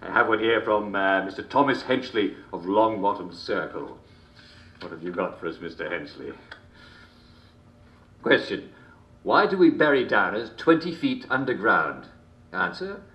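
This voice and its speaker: An actor playing a jovial, sinister English comedy show host in a video game, theatrical and chuckling constantly between jokes. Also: male voice, fairly low pitch, very animated, measured pace, long pauses, pushed and bright, lo-fi sound, exaggerated voice. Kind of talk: scripted video game character performance. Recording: roomy echo.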